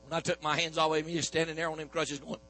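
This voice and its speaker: A man's voice: a little high, little pitch movement, rapid-fire, sharp tone, slight background noise, rough recording. A man preaching a sermon, telling a healing story in a folksy back-and-forth of "I said, he said". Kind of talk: sermon testimony.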